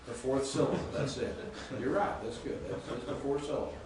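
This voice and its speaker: A Greek teacher with a mid-range voice gives a classroom lecture, recorded by a distant room mic in a very echoey space with faint background noise. He speaks haltingly, repeats words, and keeps quizzing his students.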